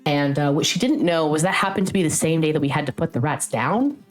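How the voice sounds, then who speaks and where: Low-voiced young woman rambling through a story. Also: brisk, faint music behind. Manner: rambling, frequent swearing, lively retelling. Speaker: streamer. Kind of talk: casual storytelling chat.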